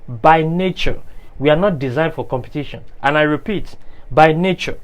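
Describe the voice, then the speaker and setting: A man's voice: on the high side, normal speed, low-quality recording. A man giving a motivational monologue, speaking straight to the listener, and repeating his key phrases for emphasis. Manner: preachy, talks straight to the listener.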